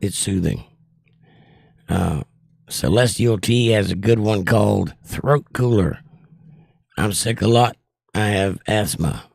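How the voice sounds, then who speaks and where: A man with a gravelly, creaky voice hosts a relaxed livestream chat, reading out comments and joking along. He sounds strained and winded as he talks. The sound is close and dry, with no room around it. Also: lowish voice, slow, pauses often, dry recording. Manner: reads viewer comments aloud and jokes back. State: short of breath, voice strained. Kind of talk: casual chat.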